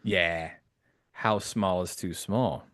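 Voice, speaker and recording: A man hosting a casual podcast chat, excitable, laughing often and quoting lines. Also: sits low, slow, no echo, studio quality. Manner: excitable, laughs often, quotes the film in character. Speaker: podcast host.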